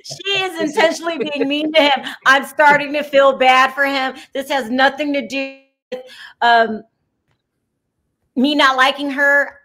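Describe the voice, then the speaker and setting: A woman's voice: sits high, a little slow. A woman hosting a casual chat, asking questions and taking calls. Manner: questioning, lively. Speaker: host.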